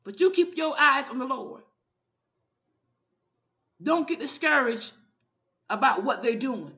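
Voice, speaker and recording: A woman's voice: high-pitched, lively intonation, measured pace, bright, forceful tone, dull audio. A woman minister giving an informal online sermon, fervent and often repeating her calls to the listener.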